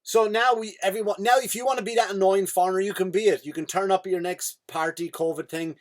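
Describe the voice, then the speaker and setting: A man's voice: high-pitched, steady tone, quick pace. An Irish man hosting a comedy podcast, telling a story in a wry, self-mocking way. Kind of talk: casual comedic monologue.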